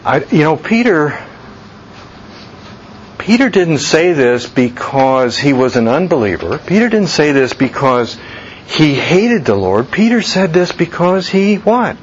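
Male pastor, sermon delivery, unhurried and measured, slightly raised pitch, dull recording with faint hiss. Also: very animated. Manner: slow deliberate preaching, voice leaps high for quoted reactions.

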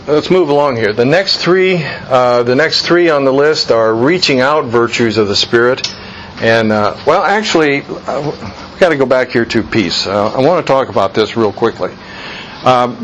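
A man's voice: mid-range voice, expressive, moderate pace, a bit bright. A man leads an informal Bible study, earnest and conversational. He drives his points home by repeating them. The recording is dull and lo-fi, with a faint hiss underneath. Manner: earnest, conversational, emphatic repetition.

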